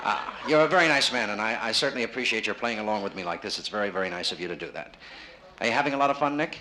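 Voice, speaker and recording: A man's voice: fairly low pitch, animated, racing, sharp tone. Wisecracking stand-up man on a live record. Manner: wisecracking, teasing an audience member. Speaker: stand-up comedian. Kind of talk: live stand-up with crowd work. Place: casino showroom stage. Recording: live 1960s vinyl, roomy and noisy. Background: audience laughter.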